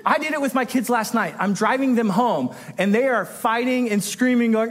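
A man's voice: extremely high pitch, fairly quick, hardly any pauses. A man preaching a sermon in a church, conversational and self-interrupting, often acting out the voices he quotes. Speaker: pastor. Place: church sanctuary. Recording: long hall reverb.

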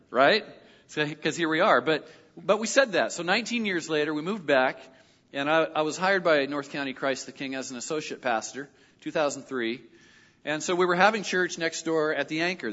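A middle-aged male pastor telling a personal story in a sermon, animated and lively when he quotes other people. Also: fairly high pitch, moderate pace. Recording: dull audio with long hall reverb.

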